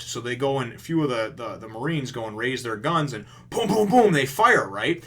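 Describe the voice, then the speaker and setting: A man's voice: medium pitch, normal speed, hardly any pauses. A man casually recapping a comic chapter on his video channel, rambling and swearing as he retells it. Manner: rambling, profane, animated retelling. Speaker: comic review vlogger.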